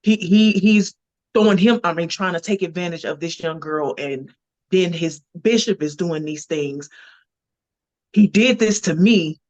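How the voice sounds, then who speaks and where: A woman's voice: on the low side, steady tone, normal speed, no room sound. A woman actress guest in a casual interview, talking earnestly and expressively and thinking aloud. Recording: dull, muffled lo-fi audio.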